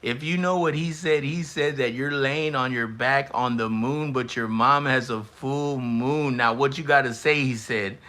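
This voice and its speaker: A young man hosting a live stream, teasing and reacting in a loose, excitable way. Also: medium pitch, unhurried, few pauses. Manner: excitable, teasing, shouts and stretches words at big moments. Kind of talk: casual live-stream commentary.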